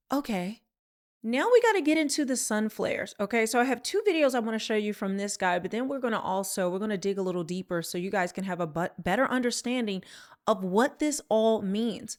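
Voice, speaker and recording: A woman's voice: on the high side, expressive, fairly quick. A woman hosting her channel, talking straight to viewers with earnest urgency and sarcasm. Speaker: channel host. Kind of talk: alarmed commentary to viewers.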